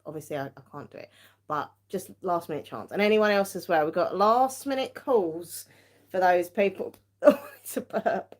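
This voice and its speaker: A woman's voice: lowish voice, normal speed. A woman hosting a tarot livestream, chatty and giggly, a bit tired. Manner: chatty, giggly, self-mocking. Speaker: tarot-reading livestream host. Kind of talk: casual live-stream chat.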